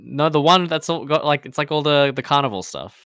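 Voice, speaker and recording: A man's voice: fairly high pitch, animated, brisk, a bit bright, clean tone, dry recording, studio quality. A man co-hosting a podcast in easygoing casual chat, laughing often. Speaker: podcast co-host.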